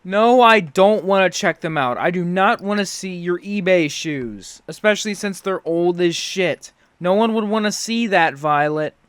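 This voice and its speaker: A man's voice: high-pitched, expressive, measured pace, few pauses, a bit bright, clear, resonant tone, dry recording. A man hosting a reaction video, giving sarcastic, profane commentary.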